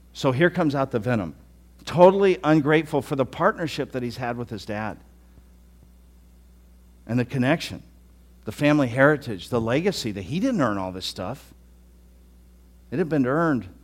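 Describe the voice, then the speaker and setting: A man's voice: medium pitch, lively intonation, moderate pace, pauses often. A middle-aged male pastor preaching a sermon to a live congregation, in a conversational way that often repeats and restarts words. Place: church hall with a live congregation.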